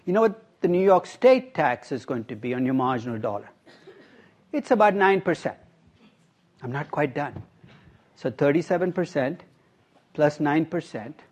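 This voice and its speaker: A middle-aged male professor lectures a class in a slightly high voice that swings widely in pitch. He keeps putting questions to his students and slips in dry, wry asides. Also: very animated, normal speed, long pauses, a little mellow. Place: university classroom.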